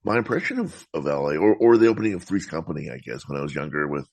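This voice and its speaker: A man talking about films as a podcast guest, in a thoughtful, meandering way with frequent halting restarts. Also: very deep voice, big pitch swings, creaky, a little mellow, dry recording. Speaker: podcast guest, film critic. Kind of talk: casual film discussion.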